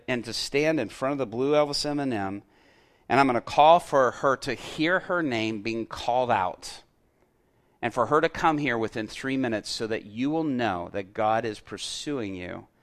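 Animated male preacher telling a story. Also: mid-range voice. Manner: animated storyteller, acts out quoted dialogue. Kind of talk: sermon with storytelling.

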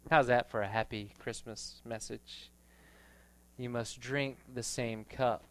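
A man preaching a sermon in a conversational storytelling way, rising to loud emphatic passages. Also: mid-range voice, fairly even intonation, takes it slowly, a little hiss or hum. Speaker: pastor.

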